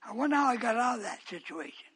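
A man, likely older, preaching a storytelling sermon, swinging from quiet asides to shouted outbursts. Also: extremely high pitch, animated, fast talker, slightly rough.

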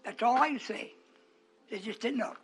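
A man preaching a sermon to his congregation, moving between hushed, whispered asides and raised, emphatic lines, with chuckles between. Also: extremely high pitch, moderate pace, husky.

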